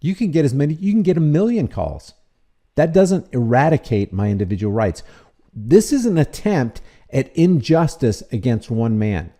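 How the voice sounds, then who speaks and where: Fiery male video commentator, mellow voice. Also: medium pitch, sing-song, moderate pace. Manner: impassioned, fiery and emphatic.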